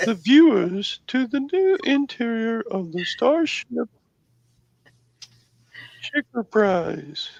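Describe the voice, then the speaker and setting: A man putting on a mock automated voice as a formal starship announcer, drawn out slowly. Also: very high voice, very animated, creaky, no room sound, highs cut off, voice pushed up, full character voice. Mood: announcing. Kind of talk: joking impression.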